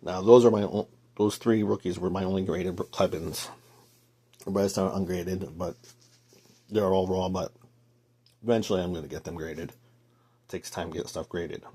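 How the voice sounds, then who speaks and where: A man's voice: sits low, steady tone, normal speed, long pauses, warm tone, slightly rough. A man, a grandfather, telling a rambling story about his card collection in a casual vlog, with many fillers.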